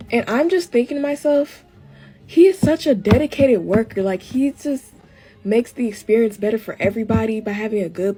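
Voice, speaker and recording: A woman's voice: medium pitch, dark tone. Chatty young woman telling a storytime. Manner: chatty, keeps addressing viewers as y'all. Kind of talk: casual get-ready-with-me storytime.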